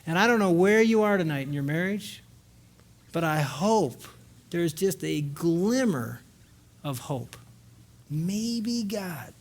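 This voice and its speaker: A man in his sixties speaking at a marriage conference, telling a personal story to a live audience. He goes from lively and loud to hushed and slow at the emotional moments, with wry asides to the crowd. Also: high-pitched.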